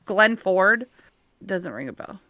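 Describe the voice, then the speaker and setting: A man chatting on a film podcast, chiming in with lively interjections. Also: high-pitched, drawn-out words, dry recording. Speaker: podcast guest. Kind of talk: casual chat.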